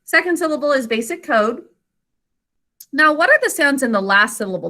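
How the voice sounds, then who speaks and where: A woman teacher leading a spelling lesson for children, slowly and carefully sounding out syllables and giving encouraging praise. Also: high-pitched, big pitch swings, pushed and bright. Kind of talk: online literacy lesson for children.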